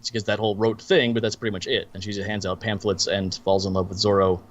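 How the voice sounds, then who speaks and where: A man co-hosting a casual movie review podcast, recounting scenes in an animated, storytelling way. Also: fairly low pitch, fast talker, highs cut off. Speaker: podcast co-host.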